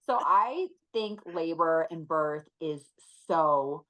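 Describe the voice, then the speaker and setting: A woman in her thirties, a guest on an interview podcast, talking earnestly and reflectively, with soft laughs now and then. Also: sits low, expressive, slow pace, poor audio. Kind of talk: conversational interview.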